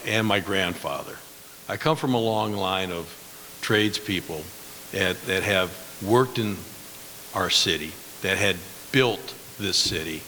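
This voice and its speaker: A man's voice: low-pitched, bright, forceful tone. A middle-aged man and business owner giving an earnest closing statement as a candidate. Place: school auditorium. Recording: reverberant hall with faint hiss.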